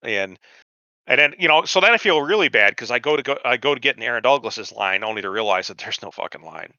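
With a mid-range voice that's animated, sharp, and fast, a man in his forties hosts a casual podcast and tells a long, profane, rambling anecdote, acting out the quotes of people he encountered. There's no echo, but the audio sounds dull.

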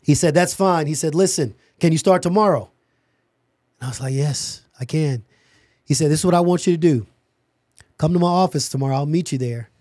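A middle-aged man, a podcast guest, telling an animated story about starting his company and acting out the dialogue. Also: fairly high pitch, a little fast, long pauses, dry recording, clean studio sound.

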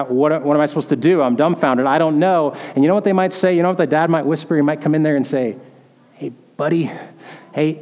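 A man with a high voice preaches a storytelling sermon, now and then slipping into the voices of the people he describes. His words ring out with a long reverb from the church hall around him. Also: a little mellow. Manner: storytelling, acts out quoted voices. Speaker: pastor.

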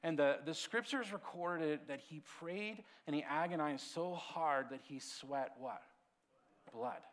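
A man preaching a sermon as pastor, conversational and animated, swinging from lively storytelling to quiet, hushed asides. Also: fairly high pitch, unhurried. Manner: conversational, animated storytelling with sudden drops to a hush.

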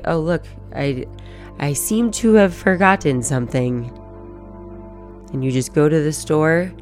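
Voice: medium pitch, warm tone. A podcast host giving a casual, profane motivational monologue and acting out everyday inner thoughts.

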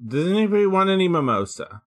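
A man's voice: high voice, sing-song, quick pace. A man playing in a casual tabletop game, joking and chatting loosely. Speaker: player. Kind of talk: casual chat and in-character play.

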